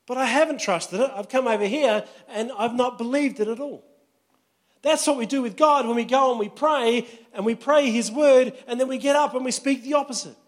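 A man's voice: very high voice, normal speed. A man preaching a sermon as a pastor, chatty and humorous, telling stories to a church congregation. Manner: conversational, storytelling with humor.

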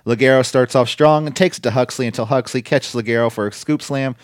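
A man's voice: medium pitch, fast, no room sound, studio quality. A man co-hosting a podcast, casually chatting and recapping wrestling matches, swearing now and then. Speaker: podcast co-host. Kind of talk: casual wrestling review chat.

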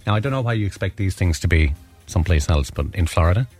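A man's voice: low voice, animated, fast, darkish tone, faint music behind. A man, hosting a casual radio chat and reading out listener messages. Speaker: radio host.

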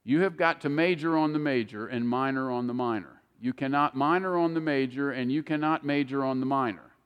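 A man's voice: mid-range voice, fairly quick, clear, resonant tone, dull audio. An older man preaching a sermon in a folksy, storytelling way, acting out the people he quotes. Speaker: pastor. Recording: long hall reverb.

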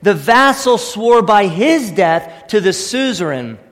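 A man's voice: high-pitched, sing-song, takes it slowly, in a large hall. A man preaching a sermon as pastor, emphatic and full of repeated rhetorical questions. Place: church sanctuary.

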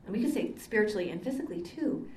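An older woman, a Catholic sister, gives a chatty, conversational lecture packed with anecdotes and frequent ums. Her medium-pitched, darkish voice is expressive and very fast. The recording comes from an echoey meeting hall with a distant mic and slight background noise.

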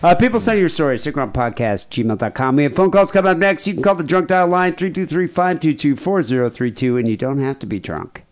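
A male podcast host in casual comedic chat. His pitch moves a lot as he jokes and reacts. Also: quick pace, hardly any pauses. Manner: lively, joking.

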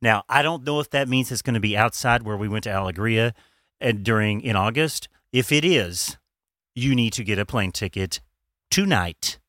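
A man with a bright, forward voice talking in a chatty, gossipy way as a podcast co-host, laughing often. The recording is dry and close. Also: lowish voice, animated, normal speed, no room sound. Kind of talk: casual chat.

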